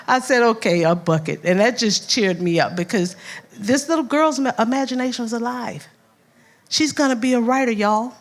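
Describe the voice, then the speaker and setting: A woman's voice: fairly high pitch, normal speed. An older woman from Louisiana with a Southern accent, a first-grade teacher giving a heartfelt speech and acting out her students' voices as she tells stories. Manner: animated storyteller, acts out voices, laughs often. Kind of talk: heartfelt speech at an awards event.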